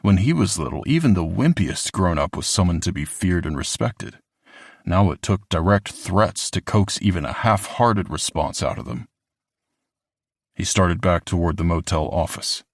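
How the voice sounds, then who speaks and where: A man narrates an audiobook in a very deep, low voice. His reading is steady and even. The sound is close and dry, as in a studio booth. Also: moderate pace, vocal fry, breathy edge, no echo. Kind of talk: scripted narration.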